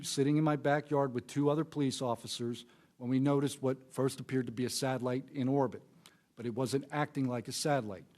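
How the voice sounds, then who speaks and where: Middle-aged guy reading his witness statement, formal and steady, desk mic. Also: medium pitch. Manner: formal, measured, steady delivery. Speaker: hearing witness, former military police officer. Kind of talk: reading a prepared opening statement. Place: congressional hearing room. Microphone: desk microphone.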